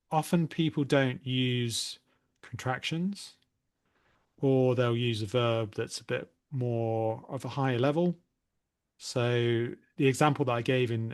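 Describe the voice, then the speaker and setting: A man's voice: medium pitch, clear, resonant tone. A man co-hosting a casual English-learning podcast, conversational and hedging, often ending with tag questions. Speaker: podcast co-host, English teacher.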